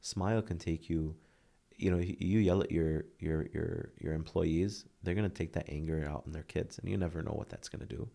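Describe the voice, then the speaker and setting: A man in his thirties talks about hard times in an earnest, heartfelt way. His voice is very deep with a gravelly fry, and it often softens nearly to a whisper. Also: steady tone, moderate pace. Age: 30s. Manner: earnest, heartfelt, drops to a near whisper at tender moments. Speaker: podcast guest. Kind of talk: emotional interview talk.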